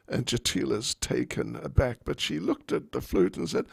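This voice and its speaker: A monk giving a sermon, telling a story in an animated, playful way. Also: male voice, fairly high pitch, normal speed, creaky, hardly any pauses, slightly rough, no room sound.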